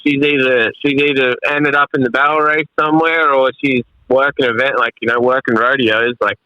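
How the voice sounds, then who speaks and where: A man's voice: medium pitch, steady tone, fairly quick, pushed and bright, clean tone, no echo, dull audio. A man with an Australian accent, a guest calling in by phone and chatting in an easygoing, plainspoken way. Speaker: guest roper. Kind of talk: casual chat. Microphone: phone call.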